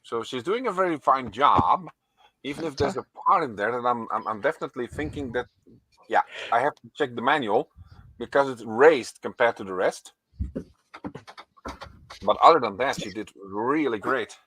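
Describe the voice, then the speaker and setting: A father calmly explaining his daughter's building project in casual chat. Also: mid-range voice, normal speed, husky. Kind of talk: casual chat on a modelling stream.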